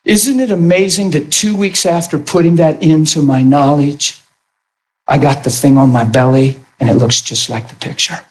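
A middle-aged male preacher telling stories from the pulpit with an animated, expressive delivery. His voice sits a little on the high side, and he slips into character voices and laughs as he goes. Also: moderate pace. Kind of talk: storytelling sermon.

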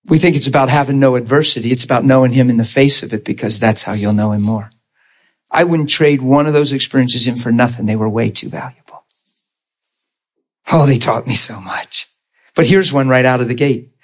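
An animated man giving a testimony sermon at a middle pitch, telling his story with frequent laughter. He talks to his listeners directly, asks whether they are following him, and acts out the voices of people in his story. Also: brisk. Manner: conversational, rhetorical asides to listeners.

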